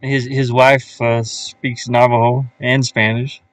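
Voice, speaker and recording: A man's voice: mid-range voice, level tone, slow. A man streaming live, casually talking to himself as he works, muttering and thinking aloud with many fillers. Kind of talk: casual live-stream commentary while working. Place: his van.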